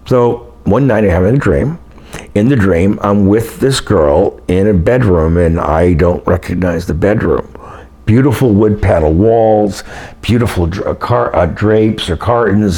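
An older man, a guest in an interview, telling personal stories in a casual, animated way and acting out the voices he quotes. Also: on the low side. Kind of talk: casual storytelling.

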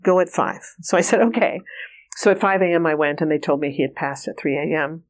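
Woman, lowish voice, earnest, candid storytelling, halting restarts, interview guest. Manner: earnest, personal, many fillers and restarts. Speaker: interview guest, remote viewing trainer.

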